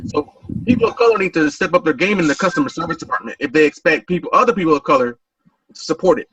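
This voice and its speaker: A man's voice: fairly high pitch, very animated, fast talker, fairly bright tone. A man on a podcast panel in a casual group chat, telling a story with many halts and repeated words. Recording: voice distant from mic.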